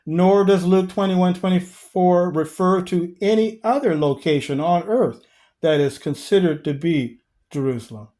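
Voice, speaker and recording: His voice high and warm, a man conducts a Bible study. He works through scripture slowly and deliberately, asking rhetorical questions of the listeners he calls family.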